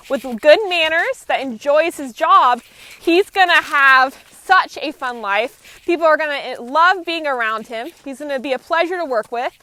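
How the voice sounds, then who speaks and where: A woman horse trainer working a horse outdoors, explaining each step in a calm, steady, instructive way. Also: sits high. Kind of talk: live training commentary.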